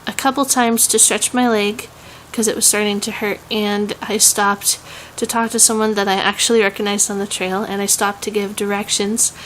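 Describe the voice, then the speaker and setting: A woman's voice: medium pitch, level tone, normal speed, hardly any pauses, a bit bright, a little hiss or hum, poor audio. A young woman with a Southern US accent, chatting casually in a home vlog, rambling with many "um"s and laughs. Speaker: vlogger.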